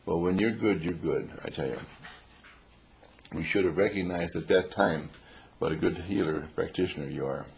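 A man's voice: deep voice, normal speed, creaky, slight background noise. An older man telling rambling, humorous stories to a small group, playful and chuckling, with old-fashioned exclamations.

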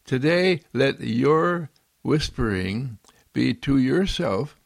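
A man giving a gentle, repetitive, affirming inspirational sermon. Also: medium pitch, expressive, slow pace, creaky, no room sound, studio quality.

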